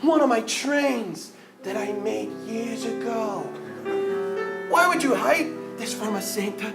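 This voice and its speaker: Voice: mid-range voice, slow, vocal fry. An improviser playing a cheerful, nosy Christmas elf who asks eager, tumbling questions in a live improv comedy show. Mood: awed. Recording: live stage with music.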